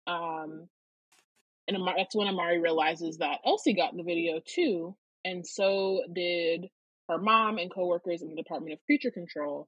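A woman's voice: on the low side, steady tone, unhurried, a bit bright, breathy edge, dry recording, dull audio. A woman podcast co-host summarizing a book chapter casually, with frequent "um"s.

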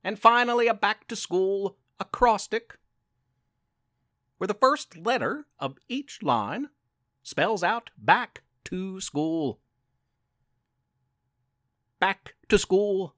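A man tells a story and reads poems with a high, lively voice that rises and falls a lot. He takes his time over each line, gentle and encouraging. The sound is close and dry. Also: slow, dry recording. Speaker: podcast host and storyteller. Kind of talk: scripted storytelling narration.

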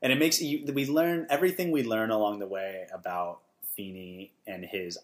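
A young man co-hosts a podcast in a casual chat, his voice fairly low and his pace moderate. He rambles and keeps restarting his sentences.

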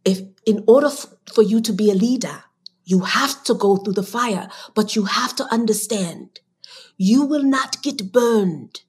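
A woman guest on a podcast, telling stories in an animated way and breaking into sudden quick bursts of talk. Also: medium pitch, breathy edge. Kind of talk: casual interview chat.

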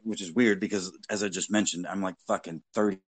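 A man's voice: deep voice, steady tone, a little fast, breathy edge. A man co-hosting a podcast, telling casual anecdotes in a blunt, profanity-heavy way. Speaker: podcast co-host. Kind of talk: casual storytelling chat.

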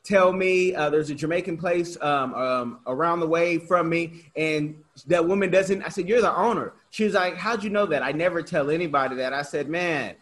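Male interview host, high voice, chatty, animated, stumbles and restarts, casual. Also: normal speed, few pauses. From Oakland, California. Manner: talkative, animated, frequent restarts. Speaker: podcast host.

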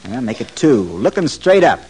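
A laconic, calm ex-marshal of the frontier. He speaks tersely in a dry, husky drawl, his mid-range voice moving freely up and down. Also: medium pitch, moderate pace, low-quality recording. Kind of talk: 1950s radio drama acting.

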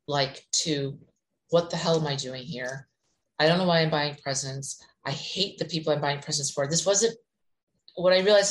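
A woman's voice: sits low, rough recording. A woman giving casual spiritual advice to viewers, chatty and rambling, often checking in with "right?".

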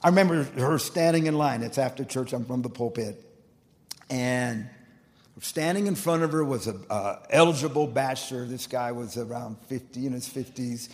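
A man preaching as pastor of a church, telling a story with emphasis and swinging between loud and quiet delivery. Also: mid-range voice, moderate pace. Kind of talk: sermon. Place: church sanctuary. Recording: long reverb of a large church hall.

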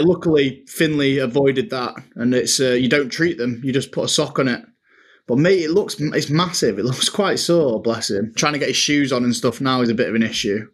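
A man, co-hosting a casual podcast chat and telling stories with laughs, calling his co-host mate. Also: mid-range voice. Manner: chatty, laughing storyteller, says "mate" a lot.

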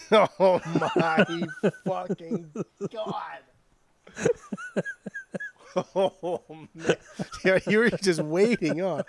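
A man's voice: sits high, extremely slow, pauses often. Brief: male podcast host, swears freely, rants with big swings in tone, slight hiss behind. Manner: profane, animated ranting. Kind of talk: casual music podcast chat.

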